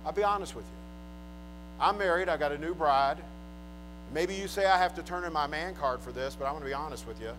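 High-pitched preacher guy, emphatic sermon, goes quiet then loud, cracks jokes. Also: fairly quick, soft background music, poor audio. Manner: emphatic, swinging from hushed to loud, joking.

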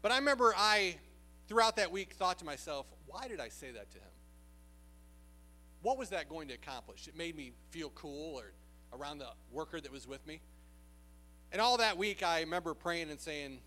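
A man's voice: a little high, lively intonation, moderate pace, bright, forceful tone, soft background music. A man preaching a sermon, telling a personal story in an earnest, conversational way with frequent filler sounds.

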